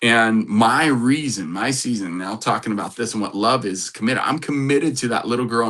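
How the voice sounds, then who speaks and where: A man's voice: medium pitch, normal speed, few pauses, fairly bright tone. A middle-aged man, a relationship coach, giving an earnest, rambling motivational talk with restarts and chuckles.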